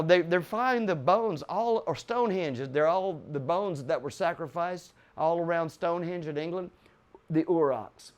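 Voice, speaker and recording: An older man from America gives an animated Bible lesson in a fairly high voice. He chuckles often and breaks into sudden loud shouts to drive a point home. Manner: excitable, chuckling, loud bursts for emphasis. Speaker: Bible teacher.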